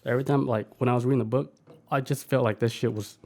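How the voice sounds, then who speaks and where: A man's voice: mid-range voice, steady tone, fast, a little mellow. A man hosting a podcast in loose, profane, enthusiastic casual chat. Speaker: podcast host.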